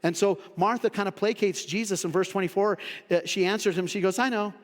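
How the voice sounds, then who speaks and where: A man preaching a sermon as pastor in a church, conversational, acting out quotes in sudden high voices. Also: fairly even intonation, a little fast. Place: church sanctuary. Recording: long reverb of a church hall.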